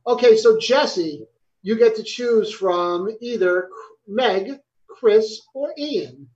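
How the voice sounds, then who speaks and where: A man's voice: high voice, slow pace, darkish tone, highs cut off. A man hosting a casual quiz game among friends, playful, swearing and laughing, tripping over his own answers. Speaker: game host.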